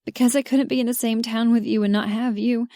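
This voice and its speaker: A woman's voice: fairly high pitch, fairly even intonation, fairly quick, warm tone, dry recording, clean studio sound, close to an everyday voice. A woman voicing a tearful young pageant queen. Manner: tearful, pleading.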